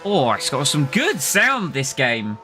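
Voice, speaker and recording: A man's voice: mid-range voice, huge pitch swings, a little slow, sharp tone, faint music behind. A man streaming a racing management game, chatting casually and reacting aloud to the game and his chat. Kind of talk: casual live-stream commentary.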